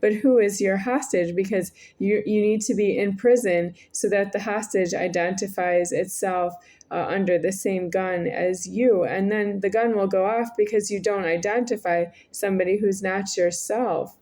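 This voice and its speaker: A woman's voice: medium pitch, steady tone, normal speed, few pauses, a little mellow. A woman in her forties speaking in a rambling, repetitive monologue to the camera, with frequent hesitations. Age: 40s. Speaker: vlogger.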